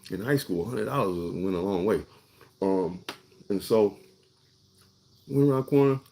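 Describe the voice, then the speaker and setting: Brief: deep-voiced middle-aged male actor, casual monologue, lots of restarts. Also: moderate pace, creaky, mellow. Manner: conversational, restarts and repeats words often.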